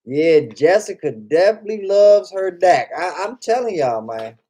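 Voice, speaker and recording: A man's voice: sits high, very animated, normal speed, dark tone, slightly rough. A man chatting casually as a streamer, joking and swearing as he reads viewers' comments aloud. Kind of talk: casual chat.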